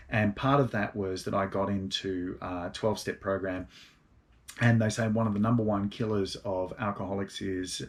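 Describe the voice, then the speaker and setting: Laid-back man with a low voice. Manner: relaxed, meandering, many ums and uhs. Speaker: yoga teacher. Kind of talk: casual spoken talk on gratitude.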